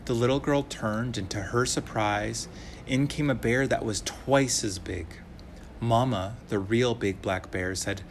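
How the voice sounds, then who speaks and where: Storyteller, male, gravelly and lowish, reads a rhyming picture book in a measured way; faint hiss. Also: steady tone. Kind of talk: storybook read-aloud.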